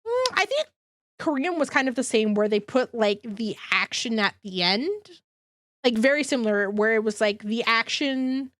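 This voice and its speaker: A woman's voice: fairly high pitch, lively intonation, normal speed, a bit bright, no room sound, clean studio sound. A congested woman chatting casually with her live-stream audience, bubbly and rambling, laughing often.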